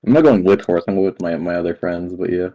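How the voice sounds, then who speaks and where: A man's voice: low-pitched, fast, warm tone, poor audio. A young man playing in a tabletop game, chatting in a joking, slangy way and swearing freely. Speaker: player. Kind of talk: casual chat during a tabletop game.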